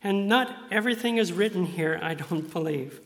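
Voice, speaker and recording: A man's voice: high-pitched, animated, normal speed, long reverb tail. A man delivering a sermon as a pastor, earnest, sometimes acting out quoted voices.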